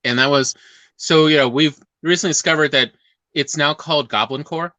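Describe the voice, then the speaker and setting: A woman chats casually as a podcast co-host, often pausing to hunt for the right word. Her tone is bright and forward. It is recorded dry and close. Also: low-pitched, no room sound. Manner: hesitant, searching for words. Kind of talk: casual chat.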